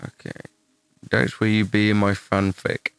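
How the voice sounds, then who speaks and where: A man's voice: lowish voice, completely flat delivery, measured pace, creaky, a bit bright, clear, resonant tone, dry recording. A young man with an English West Midlands accent, chatting on a livestream while he answers chat questions in a blunt, profane, rambling way. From England, West Midlands.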